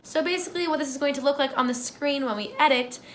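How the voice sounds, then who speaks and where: A young woman teaching a dance tutorial, clear and instructive as she breaks down and counts out moves. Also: sits high, fast, a little hiss or hum.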